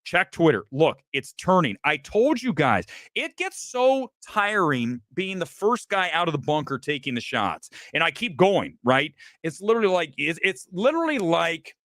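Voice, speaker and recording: A man's voice: on the high side, sing-song, moderate pace, few pauses, fairly bright tone, dry recording. A man hosting a film talk show, ranting in a combative, profane, emphatic way. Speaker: host.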